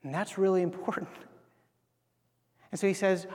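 A male pastor with a high voice delivers a sermon in a casual, talking-to-you way. He keeps asking rhetorical questions and briefly acts out the voices in the story. The sound rings with a long reverb, as in a large hall. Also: fairly even intonation, moderate pace, a little mellow.

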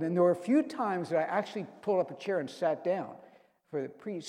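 A man's voice: a little high, darkish tone. A middle-aged male pastor preaching a sermon in a church, earnest and conversational with frequent restarts. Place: church sanctuary. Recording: long church hall reverb.

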